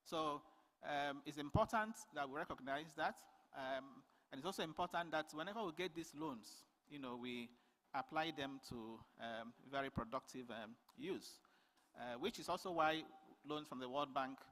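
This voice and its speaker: A man delivers a formal conference paper in a large hall, his voice trailing off in long reverb. He talks in a measured way, with frequent fillers and restarts. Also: on the high side, a bit bright. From Nigeria.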